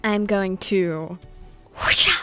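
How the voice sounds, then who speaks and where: A woman's voice: mid-range voice, steady tone, takes it slowly, sharp tone, faint music behind. A woman playing in a tabletop game, giggly and hesitant. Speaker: player.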